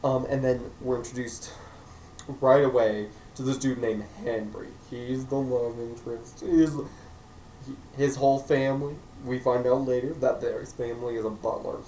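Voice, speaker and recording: A man's voice: mid-range voice, steady tone, moderate pace, warm tone. A man reviewing a movie in a casual, joking way, acting out characters in silly voices. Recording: echoey room, mic at a distance, faint noise.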